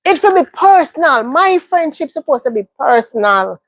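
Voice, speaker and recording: High-voiced woman, dry sound. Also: big pitch swings, normal speed, no echo. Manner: emphatic, repeats phrases for stress. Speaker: livestream host. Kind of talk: casual advice monologue.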